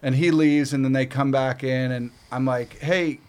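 A man's voice: mid-range voice, flat delivery, moderate pace, a little mellow, clear, resonant tone. A middle-aged man from Canada, a podcast guest telling stories casually, swearing freely and acting out what others said. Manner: swears freely, acts out quoted voices. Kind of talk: casual storytelling.

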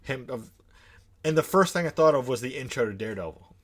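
A man's voice: medium pitch, expressive. Young dude cohost, eager, keeps restarting his sentences. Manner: eager, halting, many restarts. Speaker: podcast co-host. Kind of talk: casual chat.

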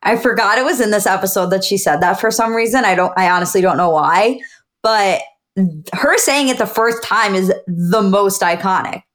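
A woman's voice: medium pitch, normal speed, a bit bright. A woman co-hosting a podcast, chatting playfully and laughing as she talks. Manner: playful, laughs while talking. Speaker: podcast co-host. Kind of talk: casual chat.

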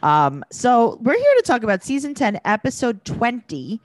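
A woman's voice: a little high, wildly swooping pitch, normal speed, no room sound, studio quality. A woman comedian hosting a podcast, chatting casually in a wry, joking way.

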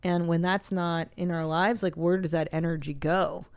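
A woman's voice: on the low side, steady tone, moderate pace, smooth. A woman in her forties hosting a podcast, blunt and swearing freely as she rants. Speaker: podcast host. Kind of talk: casual podcast chat.

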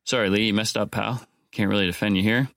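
Male podcast host, low voice, dry close-miked sound, joking and casual. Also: fairly even intonation, fast talker, fairly bright tone, no room sound. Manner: wry, joking asides.

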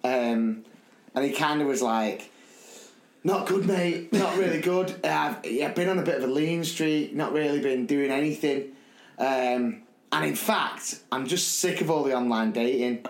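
A man's voice: medium pitch, unhurried. Laughing man telling a story. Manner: animated, laughing storyteller, rambling with restarts. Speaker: podcast host. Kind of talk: casual storytelling chat. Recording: echoey room.

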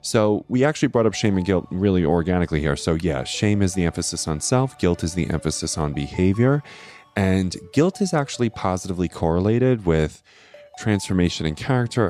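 Low-voiced guy doing an astrology talk, earnest, keeps saying "right?", soft music underneath. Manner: earnest, explanatory, often ends points with "right?". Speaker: astrology host.

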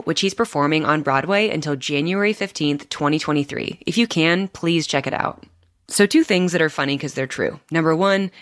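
Low-voiced woman podcast host. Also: no room sound, studio quality. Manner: upbeat, enthusiastic, reacts with excitement. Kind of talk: casual interview chat.

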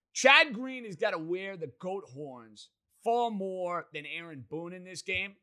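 Animated bright-voiced New sports host. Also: male voice, fairly high pitch. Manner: emphatic, opinionated, animated. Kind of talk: sports talk radio.

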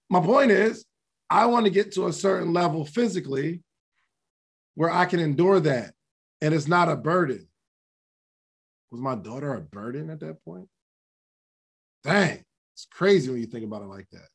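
A man's voice: a little high, vocal fry, fairly bright tone. A man hosting a podcast, giving casual motivational talk, repeating his key questions and laughing at himself. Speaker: podcast host.

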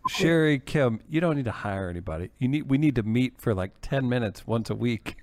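A man with a mid-pitched voice chiming in from the podcast crew, joking and reassuring. The sound is dry and close. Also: lively intonation, a little fast, a little mellow, no room sound. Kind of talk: casual chat.

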